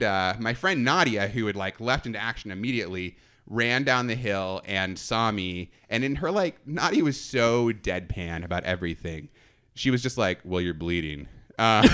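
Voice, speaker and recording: A man's voice: on the low side, smooth. Guy telling a goofy college story, voice jumping all over, keeps laughing at himself. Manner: animated, self-mocking, laughs often. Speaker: podcast storyteller. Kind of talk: casual storytelling chat.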